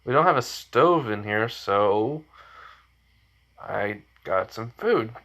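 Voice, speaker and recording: A man voicing a calm, matter-of-fact young woman in a casual fan retelling. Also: fairly low pitch, slow, full character voice.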